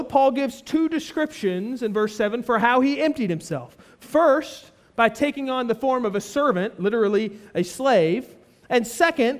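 A man preaching an expository sermon, explaining a passage with earnest emphasis and frequent restating in other words. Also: very high voice.

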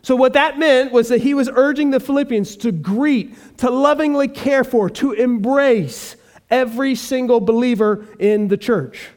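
A male pastor preaching a sermon, earnest and emphatic, repeating key phrases for weight. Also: very high voice.

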